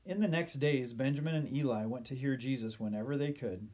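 A man with a slightly husky, breathy voice reads a children's story aloud. His delivery is gentle, steady storybook narration at a middling pitch. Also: a little fast.

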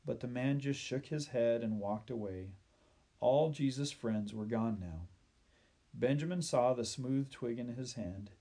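A male storyteller reads a children's tale at a gentle, measured pace. He lets the sad moments slow and soften. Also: medium pitch. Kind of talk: children's Bible story reading.

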